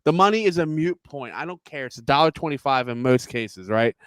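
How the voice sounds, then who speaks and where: A man's voice: mid-range voice, brisk, smooth, no echo. A man, ranting and swearing as a podcast co-host in casual chat. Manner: profane, heated, animated ranting.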